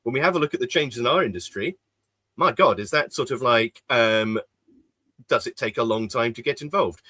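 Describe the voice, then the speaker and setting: A man's voice: medium pitch, moderate pace, pushed and bright, no room sound. A man co-hosting a casual podcast chat, rambling with lots of fillers and restarts. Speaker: podcast co-host. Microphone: desk mic in an office.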